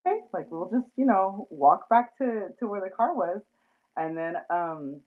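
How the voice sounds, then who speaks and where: A woman's voice: medium pitch, lively intonation, measured pace. Chatty woman on a tinny line. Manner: chatty, lots of fillers and laughter. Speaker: host. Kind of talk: casual chat.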